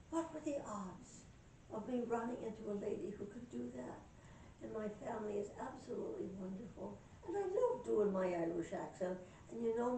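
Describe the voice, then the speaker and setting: Older woman, reminiscing storyteller, distant echoey recording with faint noise. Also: medium pitch. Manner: warm reminiscing, emotional, chatty. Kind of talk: personal storytelling to camera.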